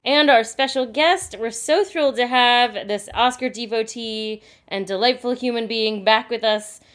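A woman hosting a casual movie podcast, moving briskly through award facts and jokes. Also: on the high side, a bit bright. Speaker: podcast host.

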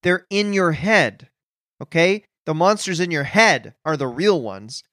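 A man's voice: a little high, very animated, unhurried, fairly bright tone, no echo. A man co-hosting a comedy podcast, teasing and bluntly boastful with a dry delivery. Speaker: podcast co-host. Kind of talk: improvised comedy banter.

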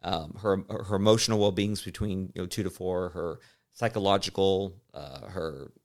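Rambling, chatty podcast dad. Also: male voice, deep voice, steady tone, moderate pace, creaky, darkish tone. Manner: rambling, self-interrupting, laughs easily. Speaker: podcast co-host. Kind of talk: casual chat.

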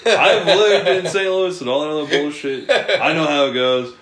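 A man's voice: fairly high pitch, moderate pace, fairly bright tone, reverberant. Laid-back profane man telling a story. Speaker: podcast co-host. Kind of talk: casual storytelling chat.

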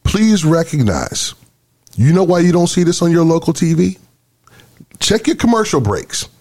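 A man's voice: fairly high pitch, very animated, moderate pace, darkish tone. A man, co-hosting a casual podcast discussion in an emphatic, preachy way. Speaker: podcast co-host.

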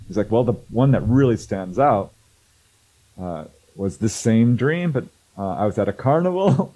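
This guest, a researcher of contact stories, recounts a story casually, acting out the voices he quotes and laughing a lot. He has a fairly low, warm voice with a breathy edge, and the recording is rough.

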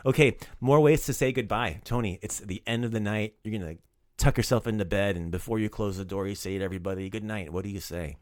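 A man's voice: fairly low pitch, quick pace, no room sound, studio quality. A man teaching a casual podcast language lesson, upbeat and playfully teasing his student.

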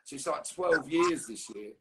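A man's voice: on the high side, animated, normal speed, echoey room, noisy background. A middle-aged man, a guest musician swearing freely as he rambles through anecdotes in casual podcast chat.

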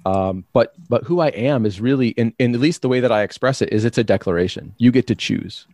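A man's voice: mid-range voice, brisk, darkish tone, no room sound, clean studio sound. A man being interviewed, explaining his ideas in a reflective, searching way with many restarts. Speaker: guest. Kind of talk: conversational interview.

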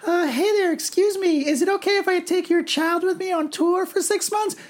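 A man putting on the voice of a creepy high-pitched stranger in a comedy podcast. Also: normal speed. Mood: creepy wheedling. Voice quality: high falsetto.

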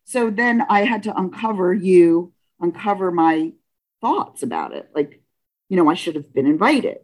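A woman tells a personal story casually and haltingly, often restarting and correcting herself. She's animated, acting out what people said with big leaps in pitch.

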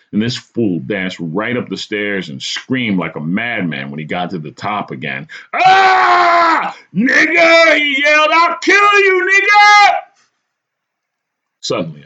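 A deep-voiced man tells a story in first person, his husky tone dipping and rising with lively expression. He narrates with dramatic, vivid storytelling. The recording sounds dull and lo-fi. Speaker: podcast host.

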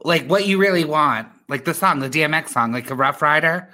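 A man's voice: a little high, fairly quick, bright, forceful tone. A man on a podcast, riffing jokes and goofy guesses in casual chat. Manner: jokey, riffing.

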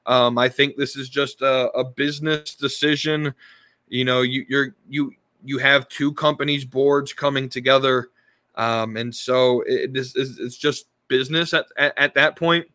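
A man's voice: medium pitch, steady tone, measured pace, sharp tone, dry recording. A man hosting a casual podcast, talking in a loose, rambling way with many restarts and fillers. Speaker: podcast host. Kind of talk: casual wrestling podcast talk.

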